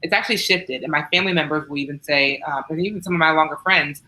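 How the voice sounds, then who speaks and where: Low, bright-edged monotone woman. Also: fast talker, low-quality recording. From Southern Ohio, US. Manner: fairly monotone yet forceful storytelling. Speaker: writer, panelist. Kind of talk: interview answers. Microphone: video call.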